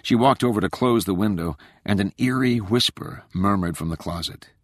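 A man narrating an audiobook in a measured, expressive way. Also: on the low side, no echo, studio quality.

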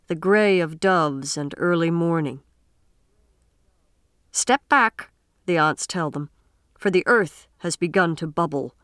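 Woman narrator, lowish voice, dry close sound, measured and expressive audiobook reading. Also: dry recording. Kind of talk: scripted narration.

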